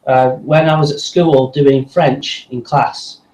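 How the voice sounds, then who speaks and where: A man's voice: mid-range voice, fairly even intonation, takes it slowly, hardly any pauses, a little mellow. Man telling his story in a roomy echo. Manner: rambling, many fillers and restarts. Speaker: voice actor guest. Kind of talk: casual interview storytelling. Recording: roomy echo with faint background hum.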